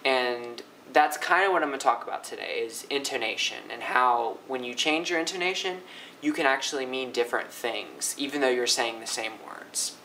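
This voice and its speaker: A young man teaching linguistics in a casual, upbeat way, often swinging his pitch up and down to demonstrate. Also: moderate pace, bright, forceful tone, slight background noise, low-quality recording. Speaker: language teacher. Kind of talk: casual educational explainer.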